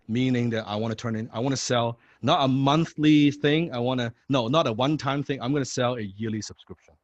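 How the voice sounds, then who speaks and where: A sales coach talking on a video call, chatty and self-correcting as he explains his method. His voice is of middle pitch and sounds dry. The call audio is a little muffled. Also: dry recording. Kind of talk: sales training role-play.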